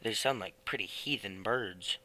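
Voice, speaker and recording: A man's voice: lowish voice, unhurried, slight background noise, poor audio. A man voicing a thrifty, worried middle-aged housewife in a storybook, speaking sharply and a little cross. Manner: sharp, scolding.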